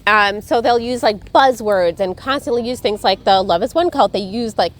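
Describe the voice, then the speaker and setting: A woman's voice: mid-range voice, moderate pace. A woman co-hosting a casual podcast chat, explaining things in a chatty way with frequent fillers. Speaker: podcast co-host. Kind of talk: casual chat about cults.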